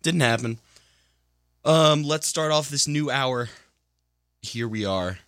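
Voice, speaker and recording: A man's voice: medium pitch, animated, slow, fairly bright tone, no echo. A man working as a college radio DJ with the hiccups, announcing songs in a loose, rambling way with self-deprecating asides, in a studio on a broadcast mic. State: has the hiccups.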